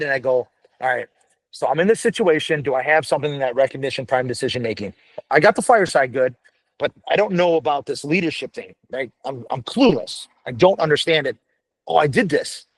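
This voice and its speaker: With no echo on the recording, this man's fairly high-pitched voice belongs to an American firefighter paramedic. He's guesting on a casual podcast interview, speaking profanely and bluntly and restarting his rambling sentences again and again.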